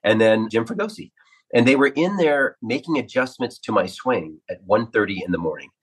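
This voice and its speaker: Husky-voiced man telling baseball stories. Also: medium pitch, normal speed, poor audio. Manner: animated anecdotes, acts out quotes. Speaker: former ballplayer, radio analyst. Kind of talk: storytelling interview.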